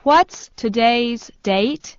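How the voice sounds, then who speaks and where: A woman reading English phrases slowly, repeating each one for learners. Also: on the high side, no echo. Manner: slow, even repetition of each phrase. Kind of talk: slow scripted phrase reading. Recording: dull dry studio sound.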